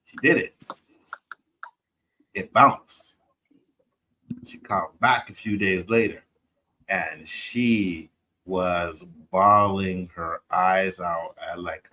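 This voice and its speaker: A man's voice: deep voice, very slow, sharp tone, a little hiss or hum, poor audio. A man co-hosting a casual panel chat, telling a personal story and often checking in with "right?". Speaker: podcast co-host.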